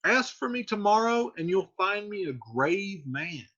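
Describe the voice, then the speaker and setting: A man's voice: high voice, big pitch swings, a little slow, bright, forceful tone, highs cut off, voice pushed up, heavily acted. A man voicing a stabbed, sarcastic swordsman. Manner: sarcastic, cursing, raised and strained. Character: wounded young male swordsman, mocking and bitter.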